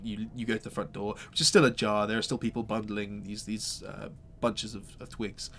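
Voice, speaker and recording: A man narrating a tabletop game as game master, halting and full of fillers. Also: fairly low pitch, steady tone, fairly bright tone, a little hiss or hum. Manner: hesitant, many fillers and restarts.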